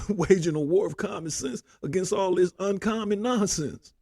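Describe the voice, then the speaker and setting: A man's voice: high-pitched, moderate pace, gravelly, mellow, no room sound. A man hosting a political commentary show, ranting heatedly with constant profanity and repeated "man".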